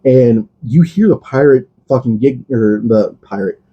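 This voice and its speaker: A man's voice: mid-range voice, lively intonation, measured pace, husky, lo-fi sound. A man co-hosting a podcast, talking in a rambling, profane, laid-back way and laughing often. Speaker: podcast co-host. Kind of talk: casual chat.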